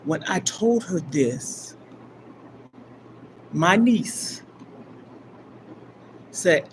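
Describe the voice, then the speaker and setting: An older woman hosting a live stream, telling a personal story in a rambling, emphatic way, from loud bursts down to near-whispers. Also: low voice, expressive, extremely slow, pauses often. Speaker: livestream host. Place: gym. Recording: livestream with clear background noise.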